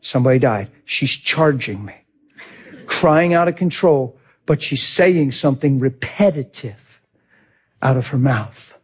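Husky, animated preacher man. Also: mid-range voice, unhurried. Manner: animated, acts out quotes, laughs often. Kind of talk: sermon with storytelling.

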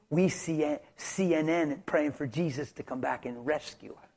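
A high-pitched man delivers a sermon with fire. He builds to loud, shouted exhortations, then drops to a low, intense hush. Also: moderate pace. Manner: passionate, swings from shouting to quiet intensity. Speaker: preacher.

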